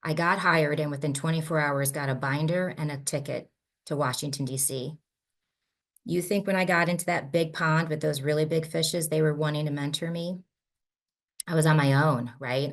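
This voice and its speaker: A middle-aged woman, an executive coach, giving a conference talk in a personal, emphatic storytelling style with rhetorical questions. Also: low voice. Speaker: leadership speaker and executive coach. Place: conference session room.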